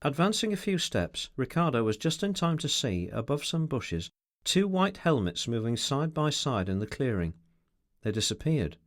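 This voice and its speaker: A man's voice: mid-range voice, very animated, moderate pace, dry recording, clean studio sound. A man reading an unabridged classic novel aloud as an audiobook narrator, telling the story expressively. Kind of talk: scripted narration.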